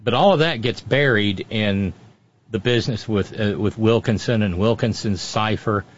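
A man's voice: fairly low pitch, normal speed, muffled recording. A man giving wry, storytelling commentary as a regular on a radio talk show, often restarting his sentences.

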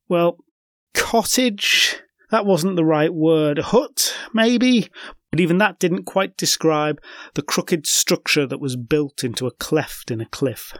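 A man's voice: on the high side, no room sound, clean studio sound. A man hosting a folklore podcast, telling the tale with wry personal asides. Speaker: podcast host. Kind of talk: scripted folklore storytelling.

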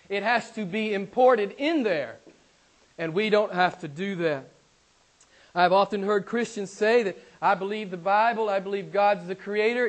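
A male pastor preaching a sermon, emphatic, repeating key phrases and swinging between loud declarations and quiet asides. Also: high-pitched, low-quality recording. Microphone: recorded for a podcast.

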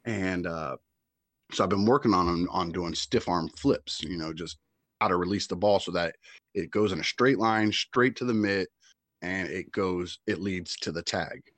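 A man co-hosting a podcast, a youth baseball coach telling a game story in casual chat, animated and acting out what people shouted. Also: low-pitched, normal speed, no room sound. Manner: animated storyteller who acts out shouted quotes.

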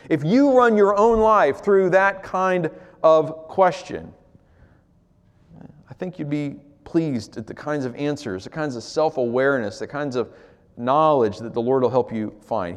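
A man preaching a sermon as pastor, swinging between loud emphasis and near-whispers. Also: on the high side, unhurried. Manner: swings from loud to hushed, acts out quoted voices. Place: church sanctuary. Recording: long hall reverb.

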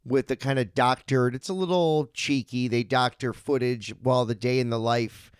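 A candid, outspoken man chatting casually as a podcast co-host. His voice sits at an ordinary middle pitch and sounds dry and close, with no room echo. He talks bluntly, sometimes swearing and cracking jokes. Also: fairly even intonation, normal speed, clean tone. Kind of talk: casual chat.

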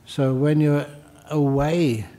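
A mellow, warm-toned older man speaks as a Buddhist monk giving a dharma talk. He answers questions in an easygoing way, with light jokes, and repeats key phrases slowly for emphasis. His delivery stays unhurried and conversational. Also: on the high side, fairly even intonation.

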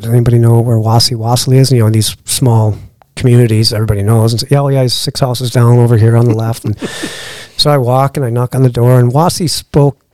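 A man's voice: mid-range voice, no echo. A middle-aged man, a podcast guest, telling a long anecdote in a casual way and acting out the dialogue of the people in it. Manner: lively anecdote-teller who acts out quoted dialogue. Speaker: podcast guest, lodge owner. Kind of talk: casual storytelling.

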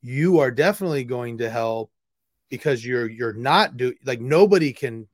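A man's voice: medium pitch, expressive, moderate pace, dry recording, clean studio sound. A man hosting an interview, asking questions in an informal way and thinking aloud with frequent restarts. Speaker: interview host. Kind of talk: casual conversational interview.

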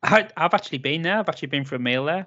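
A man's voice: fairly high pitch, animated, very fast, pushed and bright, muffled recording. A man with a Geordie accent chatting casually as a podcast co-host, jokey and chatty. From North East England. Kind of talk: casual chat.

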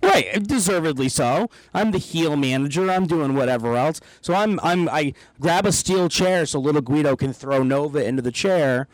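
Dry-mic storytelling man, fairly high voice. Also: moderate pace, few pauses, no room sound, rough recording. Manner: profane, animated anecdotes with acted-out quotes. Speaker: guest telling a wrestling story. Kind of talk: casual podcast storytelling.

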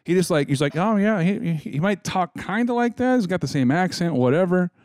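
A man's voice: high-pitched, lively intonation, brisk, darkish tone, no room sound, studio quality. A man telling a rambling, joking story in casual chat, with lots of restarts. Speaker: podcast co-host.

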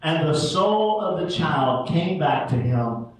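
Pastor, male, fervent sermon delivery, high voice, heavy church echo, distant mic. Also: lively intonation, slow pace. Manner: fervent, call-and-response preaching. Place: church sanctuary. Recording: very echoey room, mic far off.

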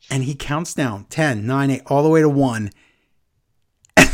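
Guy excitedly retelling wrestling stuff, voice all over the place, does little impressions. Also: moderate pace. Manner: animated storyteller, acts out quotes with big pitch jumps. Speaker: podcast co-host. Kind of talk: casual wrestling recap chat.

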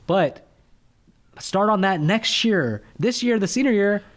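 This man co-hosts a laid-back movie review podcast, speaking at a measured pace in a voice that sits high. He's animated and jokey, and his rants build in emphasis.

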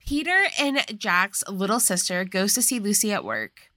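A woman's voice: medium pitch, huge pitch swings, normal speed, pushed and bright, no room sound. A woman co-hosting a podcast, chatting casually as she explains the plot of a movie. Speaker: podcast co-host. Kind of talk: casual chat recapping a movie.

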